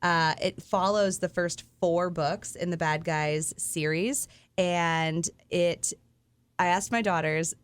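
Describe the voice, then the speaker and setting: A woman's voice: fairly low pitch, a little slow. A woman, co-hosting a radio show in casual chat, laughing often and trailing off mid-thought. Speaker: radio co-host.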